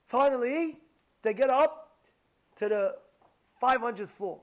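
A man giving a Torah class as a rabbi, animated, repeating points and asking his listeners rhetorical questions. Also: very high voice, a little slow, long pauses.

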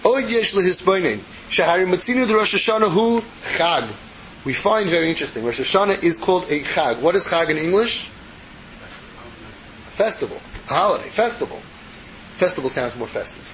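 Male teacher, high voice, reads text aloud then explains it casually to students. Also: lively intonation, brisk, pushed and bright, a little hiss or hum, rough recording. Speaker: Torah class teacher. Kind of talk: text study class, reading and translating.

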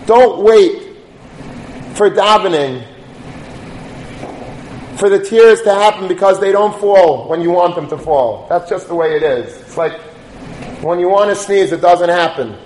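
A rabbi gives an earnest Torah talk, telling a story and sprinkling in Yiddish and Hebrew words. His voice sits high and is a little mellow, and he speaks a little slowly with frequent pauses. The room is echoey, with faint noise.

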